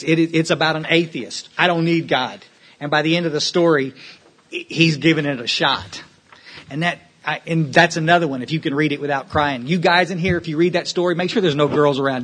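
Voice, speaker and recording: A man's voice: fairly high pitch, fairly bright tone, breathy edge. A man speaking from a podium at a recovery meeting, emphatic and preachy, repeating words as he restarts and checking that the room follows.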